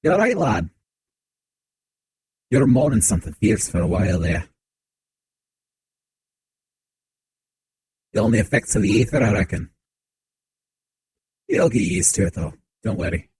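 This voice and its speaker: A man putting on a rough, folksy voice for a reassuring male character while reading game dialogue aloud. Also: fairly low pitch, big pitch swings, moderate pace, pauses often, darkish tone, full character voice.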